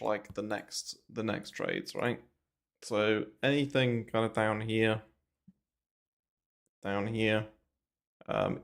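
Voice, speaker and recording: A man's voice: fairly low pitch, creaky. A man giving casual, rambling market commentary on a livestream, full of fillers and casual swearing, speaking into a close desk mic in a small bare room. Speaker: crypto trading streamer. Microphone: desk mic moved close to mouth.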